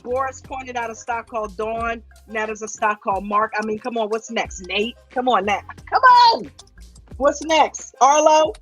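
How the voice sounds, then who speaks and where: Woman host, high voice, playful and teasing, faint music behind. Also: fairly bright tone. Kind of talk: casual livestream greetings.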